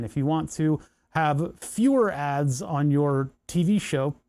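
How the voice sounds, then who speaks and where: Man hosting his own hobby channel, casual workbench talk that wanders with dry sarcastic asides; mellow tone, sits a little high. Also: normal speed. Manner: rambling, sarcastic asides, lots of restarts. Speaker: electronics hobby channel host. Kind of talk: casual workbench chat to camera.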